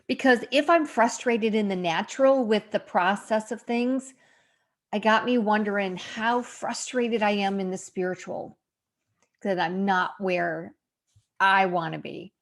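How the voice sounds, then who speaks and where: Slow-talking reflective woman. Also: mid-range voice. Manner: reflective, candid, laughs at herself. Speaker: faith vlogger. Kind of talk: casual devotional vlog. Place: home room under remodel.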